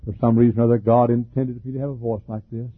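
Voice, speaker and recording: Older man, preaching a sermon, husky voice, coughs, dry tinny lo-fi recording. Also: mid-range voice, level tone, rapid-fire, no room sound. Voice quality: husky, troubled voice with frequent coughs. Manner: fervent preaching with repetitions and laughs. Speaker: pastor.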